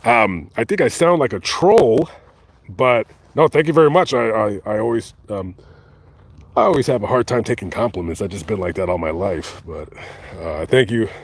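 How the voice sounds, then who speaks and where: A man live-streaming outdoors in a cemetery, talking casually and reading viewer comments, with many halting restarts and fillers. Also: on the low side, expressive. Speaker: vlogger reading live chat.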